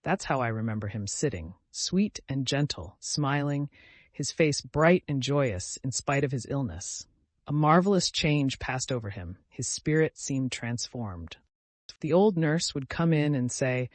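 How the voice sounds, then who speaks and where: A man reading a classic novel aloud as audiobook narrator, measured and gentle. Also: mid-range voice, lively intonation, no echo.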